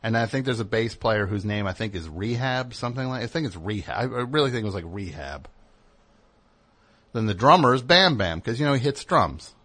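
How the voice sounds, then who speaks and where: A man hosting a comedy talk show, rambling through a bit with many fillers and quick mock voices. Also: on the low side, expressive, sharp tone. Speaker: radio show host.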